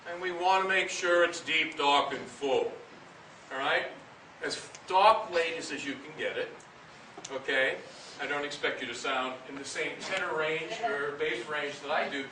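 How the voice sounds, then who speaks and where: A man's voice: on the high side, normal speed. Man coaching breathing drills in an echoey hall. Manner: calls counts loudly and firmly, explains between sets. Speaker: band director leading a breathing warm-up. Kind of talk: instructional coaching with counted exercises. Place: large rehearsal room with a band. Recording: echoey room, far from the mic, audible hiss.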